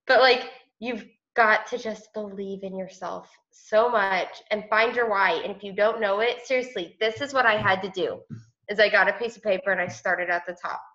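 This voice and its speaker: A woman's voice: medium pitch, fairly even intonation, normal speed. A woman leading a team video call, speaking casually and encouragingly with many "like"s. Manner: casual, soft-spoken, says "like" often. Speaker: team leader hosting a call. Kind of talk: casual motivational group call. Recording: dull lo-fi call audio.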